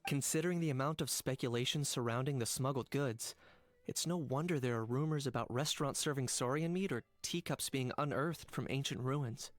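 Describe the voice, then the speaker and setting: A calm, composed adult hunter, played by a man for a game. He speaks in a measured, polite, understated way at an ordinary mid pitch. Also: no echo, close to an everyday voice. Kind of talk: game voice acting.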